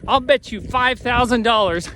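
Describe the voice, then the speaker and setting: A man's voice: extremely high pitch, normal speed, sharp tone, slight background noise, full character voice, low-quality recording. A man voicing a crafty gambling old farmer in a told joke, sly and folksy.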